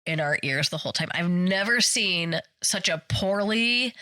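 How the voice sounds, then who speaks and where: A podcast co-host with a lowish voice tells a story without hurrying, chatting casually in the studio. She brings her quotes to life with animation, acting out the people yelling.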